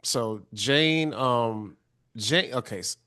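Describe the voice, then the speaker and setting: A man co-hosting a casual TV recap podcast, talking in an animated way with frequent restarts and repeated words. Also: medium pitch, slow, a little hiss or hum. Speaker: podcast co-host.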